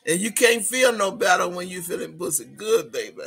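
A man hosting a casual live stream, reading viewer comments aloud with loud, laughing, sassy banter. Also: sits high, normal speed, gravelly, hardly any pauses, slightly rough.

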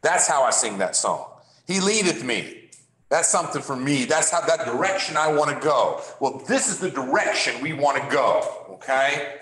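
A man's voice: mid-range voice, animated, fairly bright tone. Echoey man teaching a Bible class. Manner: halting, repeats words, asks the class questions. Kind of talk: leading a Bible class discussion. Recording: echoey room.

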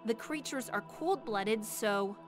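A calm game scientist. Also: female voice, on the high side, slow, soft background music. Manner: calm, explanatory.

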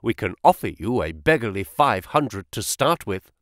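Brisk, sharp-tongued, flattering money man with a lively, swooping delivery, as a male reader puts him on for an audiobook. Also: fairly low pitch, dry recording, studio quality, pitched below the performer's own voice. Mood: persuasive. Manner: quick, sharp, flattering and excitable. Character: brisk, smooth-talking male financial agent. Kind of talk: audiobook character voice.

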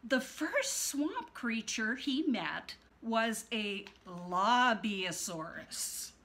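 A woman's voice: a little high, very animated, drawn-out words, pushed and bright. A woman from Canada reading a picture book aloud in turns, amused and laughing. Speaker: storyteller.

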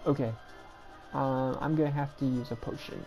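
A woman giving casual, chatty commentary as she plays through a game, with quick self-deprecating asides. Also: extremely low pitch, steady tone, mellow, dull audio, soft background music. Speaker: gameplay commentator.

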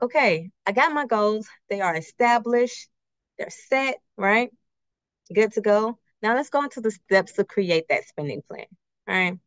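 A woman's voice: medium pitch, clear, resonant tone, no room sound. A woman from a credit union presenting a casual workshop on budgeting with slides. She talks conversationally, uses everyday personal examples, and keeps checking in with "right?" and rhetorical questions. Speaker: credit union financial educator. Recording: slightly muffled, dry recording.

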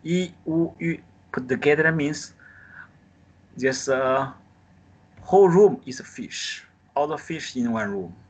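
A man's voice: fairly high pitch, lively intonation, slow pace, pauses often, breathy edge. A man with a Chinese accent teaching a live online Mandarin class. He drills pinyin sounds and tones, and his English phrasing is non-native. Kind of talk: live online group lesson. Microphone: video call.

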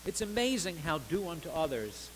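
A man preaching a sermon as pastor of a church, earnest, rising to stressed words and dropping softly between them. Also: a little high, sing-song, moderate pace, slight background noise, poor audio. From United States. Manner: earnest preaching with swells of emphasis and soft drops. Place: church sanctuary.

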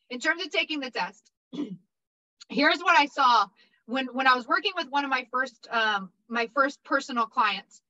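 High, bright upbeat woman instructor. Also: dull audio. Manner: upbeat, repetitive, checks in with 'okay?'. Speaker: insurance exam prep instructor. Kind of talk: casual motivational teaching.

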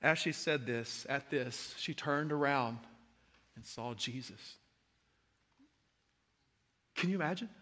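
A man preaching a sermon as a pastor, swinging from hushed tones to impassioned shouting. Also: mid-range voice, takes it slowly, pauses often. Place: large church hall. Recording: long hall reverb.

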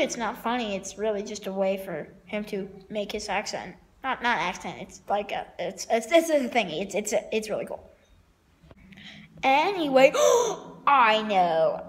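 High-voiced rambling woman vlogger. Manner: rambling, self-mocking, jumpy and playful. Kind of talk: unscripted vlog chat.

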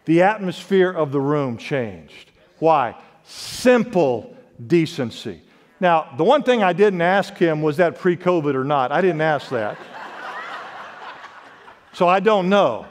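Male pastor, high voice, dynamic sermon delivery, long church-hall reverb. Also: animated, a little slow. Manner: preaching with sharp swings in pitch and volume, quotes scripture. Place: church sanctuary.

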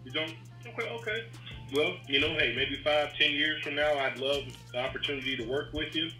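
A man's voice: on the high side, brisk, faint music behind. A man working as a realtor, making a friendly, easygoing cold call on a recorded phone line. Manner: friendly, easygoing, salesman-casual. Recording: bright, echoey call recording.

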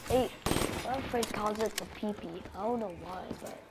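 A young woman commenting casually on her online shooter match, chatty with sudden excited outbursts, tired and yawning with a slight cough. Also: medium pitch, moderate pace, heavy background noise. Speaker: gamer. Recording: game music playing clearly behind.

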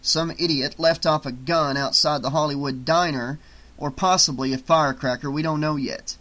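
A man voicing a dry, no-nonsense male police officer with a deadpan delivery. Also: fairly high pitch, normal speed.

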